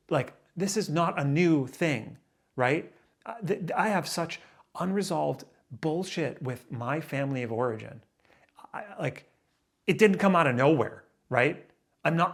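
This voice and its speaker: A vlogger in his late thirties rants at the camera in a raw, emotional video, angry and swearing, with vocal fry. He stumbles through restarts and lurches from loud outbursts to low muttering.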